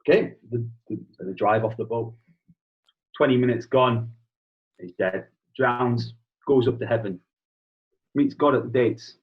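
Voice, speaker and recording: Young british man, husky voice, casual chat, chatty, dull lo-fi recording. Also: medium pitch, measured pace, pauses often. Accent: British English. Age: young adult. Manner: chatty, swears casually, animated storytelling. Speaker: guest.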